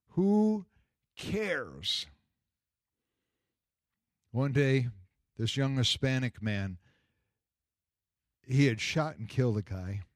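An older man, a pastor, telling a personal story in an emphatic, repetitive way, his voice climbing high on the points he stresses. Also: dry recording, studio quality. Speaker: pastor and jail chaplain.

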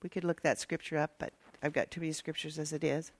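A woman's voice: low voice, flat delivery, fast talker. An older woman minister, preaching a chatty, folksy sermon with asides to her congregation.

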